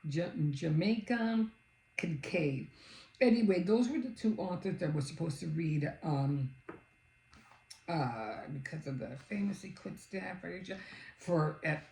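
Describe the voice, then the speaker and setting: Rambling woman storyteller in an echoey room. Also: deep voice. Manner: rambling, animated retelling with many fillers. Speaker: vlogger. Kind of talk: casual storytelling chat. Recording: roomy, echoey recording.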